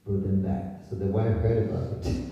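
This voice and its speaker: A man's voice: lowish voice, flat delivery, normal speed, dull audio. A man giving a scripture class as a visiting monk, chuckling often and putting questions to his listeners, recorded in a temple hall. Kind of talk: sermon. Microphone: distant camera microphone. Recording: echoey hall recorded from far off.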